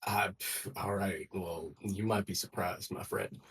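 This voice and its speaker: A man's voice: sits low, steady tone, unhurried, a bit bright. A man playing in a tabletop game, hesitant and playful, with many fillers. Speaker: player. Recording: somewhat distant from the mic.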